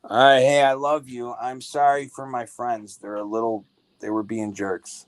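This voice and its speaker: A man's voice: medium pitch, flat delivery, measured pace, clear, resonant tone, no room sound. A man hosting a casual livestream, coaxing a chatbot and apologizing for his friends. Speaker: livestream host.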